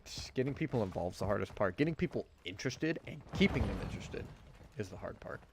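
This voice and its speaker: A man's voice: on the low side, expressive, fast. A man co-hosting a casual stream chat, encouraging and chiming in with thoughts. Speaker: stream co-host. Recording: noisy stream audio.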